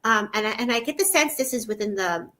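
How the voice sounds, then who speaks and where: A woman's voice: fairly high pitch, lively intonation, pushed and bright. A woman psychic medium giving a live online reading, effusive and addressing viewers by name, with frequent repeats and restarts. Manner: repeats words and restarts, talks in a quick flowing stream.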